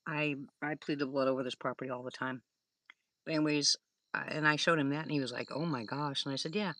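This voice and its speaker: A woman's voice: low voice, fairly even intonation, quick pace, fairly bright tone, no room sound. An older woman hosting a live stream, rambling through stories in casual chat with her viewers, laughing often. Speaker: livestream host.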